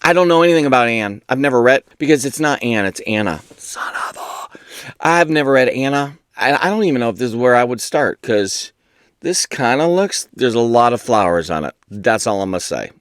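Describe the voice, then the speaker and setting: A man's voice: mid-range voice, animated, brisk, clear, resonant tone, no room sound, studio quality. A man hosting a book video, rambling and joking at his own expense in casual chat. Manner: rambling, self-mocking and jokey. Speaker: booktube host.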